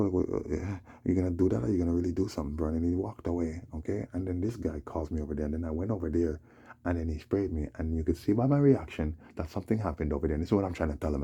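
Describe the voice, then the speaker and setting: Male vlogger, rambling monologue, rough, husky and low. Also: warm tone. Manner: rambling, agitated, repeats "you know what I'm saying". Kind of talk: casual storytelling monologue.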